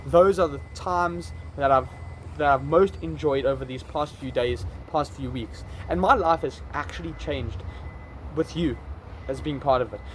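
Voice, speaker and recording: Man, South African accent, vlogger, casual rambling talk, slightly high voice, outdoors, faint background noise. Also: a little slow. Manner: chatty, rambling, self-correcting. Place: outdoors in an urban area.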